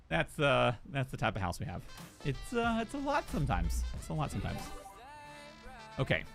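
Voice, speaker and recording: Lively, bright-voiced man streaming games. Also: fairly high pitch, a little fast, gravelly, faint music behind. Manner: animated storyteller who acts out voices and jokes. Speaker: game streamer. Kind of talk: casual live-stream chat.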